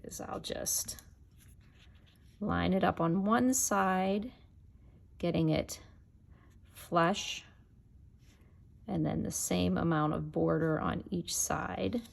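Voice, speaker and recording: A woman speaks slowly in a fairly low, gravelly voice with long pauses as she demonstrates card making. The tutorial is casual, and she talks to viewers while working.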